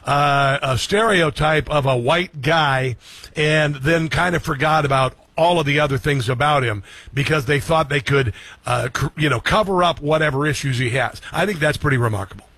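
A man hosting a political talk show, speaking quickly with many fillers and a scoffing tone. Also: fairly high pitch, fairly bright tone, slightly rough, dry recording. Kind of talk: opinionated commentary.

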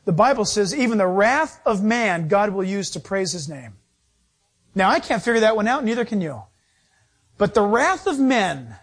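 A man's voice: sits high, husky. A middle-aged male pastor preaching a sermon, acting out quotes and laughing as he goes.

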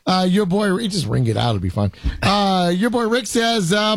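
A man's voice: sits high, very animated, a little slow, dry recording. A middle-aged man co-hosting a casual sports podcast, rambling and self-interrupting as he talks, laughing often. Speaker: podcast co-host.

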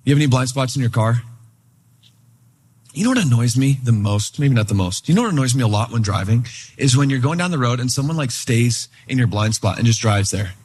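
A man delivers a sermon in an easygoing, conversational style. His voice is a little husky, at an ordinary middle pitch. He retells a personal story, slipping into quoted voices as he goes. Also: expressive, a little fast, a little mellow. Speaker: pastor.

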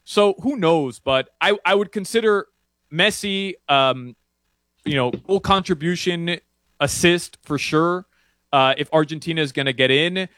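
A man breaks down soccer bets as a guest, rambling and restarting his sentences as he gets animated. His voice sits a little high. The sound is dry and close. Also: measured pace, no room sound. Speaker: soccer betting guest analyst. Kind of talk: casual sports talk. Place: Miami area.

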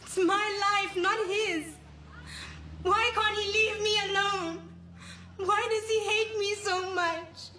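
Brief: a woman playing a tearful, defiant teen girl, high-pitched, distant mic. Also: steady tone, slow, background noise. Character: rebellious teenage daughter, defiant. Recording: echoey room, distant mic, faint music.

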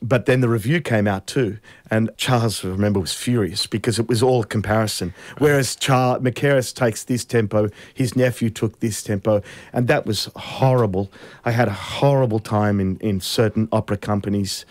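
Brief: middle-aged conductor from Australia, anecdotal, slightly low voice, dry sound. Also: male voice, moderate pace, darkish tone, no echo. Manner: anecdotal, acts out quoted voices with rising pitch. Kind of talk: interview storytelling.

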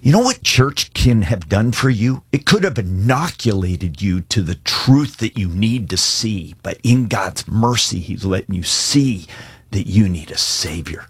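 A man's voice: on the low side, animated, measured pace, slightly rough, no room sound. A male pastor giving an earnest, conversational sermon and altar call, with casual slang.

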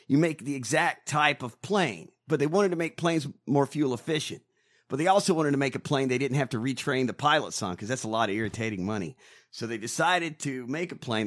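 Animated man ranting with heavy profanity. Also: mid-range voice. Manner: loud, swearing, mock-outraged ranting. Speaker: podcast co-host. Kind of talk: profane comedic rant.

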